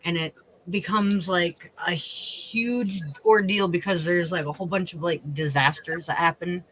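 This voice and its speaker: A man with a high, bright voice hosts a live stream, chatting in a loose, rambling way. A faint hum of noise sits behind him. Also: fairly even intonation, unhurried, rough recording. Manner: chatty, rambling, many "like" fillers. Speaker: streamer host. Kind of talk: casual live-stream chat.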